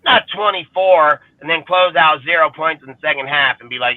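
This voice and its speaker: A man's voice: a little high, moderate pace, dry recording. A heated, foul-mouthed man rants through fan commentary on a live stream. His voice comes through thin and phone-like, dry with no room around it. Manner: heated, profane, ranting. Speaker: fan show panelist. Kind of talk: profane ranting fan commentary. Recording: phone-like call audio, dry.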